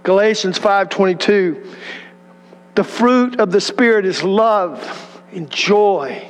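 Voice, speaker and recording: A man's voice: high-pitched, slow pace, in a large hall. A middle-aged man preaching a sermon, telling stories and asking the congregation questions. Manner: conversational storytelling preaching with rhetorical questions. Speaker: pastor. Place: church sanctuary.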